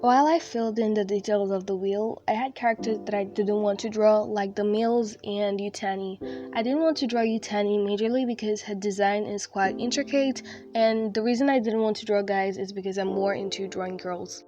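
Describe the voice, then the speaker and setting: A young woman giving a chatty, relaxed voice-over about her digital art. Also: medium pitch, brisk, dull audio. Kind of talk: casual voice-over narration. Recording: faint music behind.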